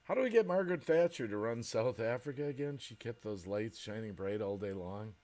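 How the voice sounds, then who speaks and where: An American man talks casually on a home livestream. He rambles and laughs often, and his pitch rises and falls in a lively way as he chats with viewers. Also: a little fast. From United States. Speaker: livestream host. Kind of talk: casual chat reading viewer comments.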